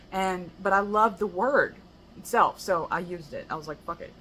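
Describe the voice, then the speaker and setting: A woman's voice: lowish voice, a bit bright, a little hiss or hum, poor audio. An American woman poet reading her rhyming poems aloud, with casual, chatty asides between them. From United States. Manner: measured rhyming recitation broken by chatty, laughing asides. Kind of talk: poetry reading with casual commentary.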